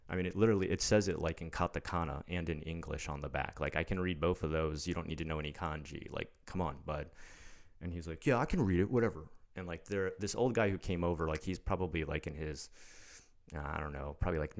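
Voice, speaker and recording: A man with a very low voice tells a story casually. He sounds blunt and exasperated, with a mocking edge. He is in his thirties. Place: living in Japan.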